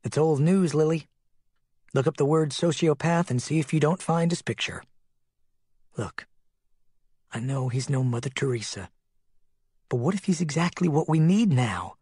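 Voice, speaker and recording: A man's voice: fairly high pitch, animated, moderate pace, pauses often, darkish tone, breathy edge, dry recording, studio quality, voice pushed up. A man voicing a wary young woman survivor who talks tersely and defensively. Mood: insistent.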